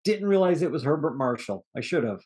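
A man's voice: fairly high pitch, fairly quick, breathy edge. A man co-hosting a podcast, chatting casually and rambling about an old movie, cursing now and then. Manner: rambling, animated, swears casually. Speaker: podcast co-host. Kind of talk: casual movie review chat.

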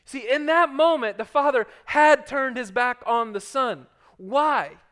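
A middle-aged male pastor preaching a sermon, swinging from loud urgent passages to hushed soft ones. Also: very high voice, measured pace.

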